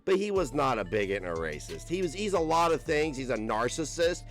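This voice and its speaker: A man's voice: very animated, brisk, faint music behind. Profane ranting man on a stream. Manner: profane, combative, mocking, with bursts of high laughter. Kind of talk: angry live-stream rant.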